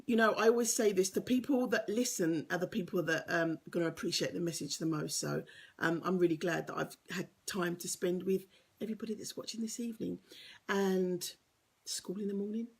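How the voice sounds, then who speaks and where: A woman's voice: on the low side, steady tone, a little fast, gravelly, slightly rough. A woman life coach chatting casually and playfully to viewers on a live video stream, teasing them and laughing often. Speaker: life coach and motivational speaker. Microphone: webcam or phone on a live video stream.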